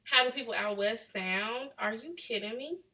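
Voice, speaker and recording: Her voice fairly high and sharp-toned at a moderate pace, a young woman from Chicago, USA, chats casually with her live chat. The Chicago-accented vlogger reads out questions and laughs.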